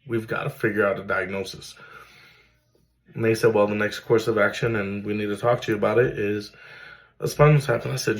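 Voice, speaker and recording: A man's voice: on the low side, fairly even intonation, a little fast, gravelly, rough recording. A man, earnestly telling his own emotional story as a father, with many fillers. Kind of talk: personal storytelling to camera.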